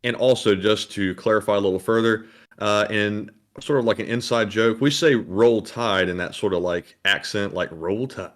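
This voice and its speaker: A man co-hosting a casual livestream, reading each viewer donation and message aloud in a steady announcing manner. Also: on the low side, normal speed. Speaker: livestream co-host reading super chats.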